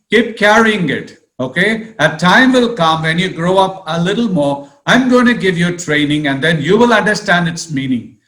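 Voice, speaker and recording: A man voicing a patient mother bird who speaks in a soft, soothing way. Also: high voice, echoey room.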